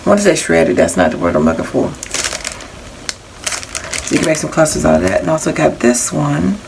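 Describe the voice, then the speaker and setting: Woman, craft haul vlogger, low gravelly voice, chatty and rambling, reads out prices, noisy home recording. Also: big pitch swings, a little fast. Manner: chatty and rambling, reading out prices and item numbers. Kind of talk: casual show-and-tell of craft supplies.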